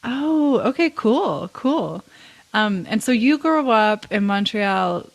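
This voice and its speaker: A woman's voice: mid-range voice, animated, takes it slowly. Chatty curious woman podcast host. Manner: chatty, curious, laughs often. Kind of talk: casual interview chat.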